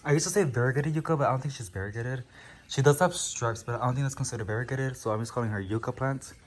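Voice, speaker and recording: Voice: medium pitch, quick pace. A houseplant channel host giving a casual tour of their living room plants, gushing with frequent exclamations, filmed at home on a handheld camera.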